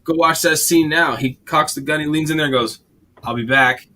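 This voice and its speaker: A man's voice: a little high, brisk. Rambling casual man chatting. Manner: rambling, animated, swears often. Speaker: host. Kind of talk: casual chat.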